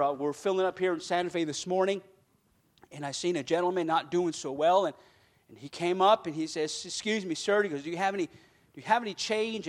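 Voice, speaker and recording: A high-pitched man preaching a sermon as a pastor. He builds to loud, fervent declarations, then drops into soft, earnest asides to the congregation. The voice sits well above the usual male range.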